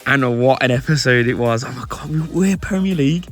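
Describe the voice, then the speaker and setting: A young man hosting a video game let's-play, excitable and given to loud celebratory shouts. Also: medium pitch, brisk, roomy sound, faint music behind. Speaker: gaming channel host. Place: home room.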